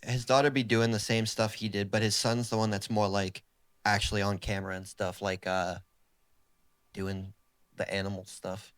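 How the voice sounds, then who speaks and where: A young man from South Boston talks with a thick Boston accent, loose and relaxed, full of "like"s. His voice sits low and sounds smooth and clean. The recording is close and dry. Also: moderate pace, no echo. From South Boston, USA. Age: 20s. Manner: relaxed, filler-heavy talk with many "like"s. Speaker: podcast guest, therapist and rapper. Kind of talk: casual interview chat.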